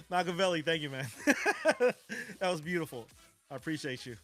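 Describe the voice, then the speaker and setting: A man's voice: a little high, a bit bright. A man streaming a live card break, chatting casually and ranting with swearing and frequent chuckles.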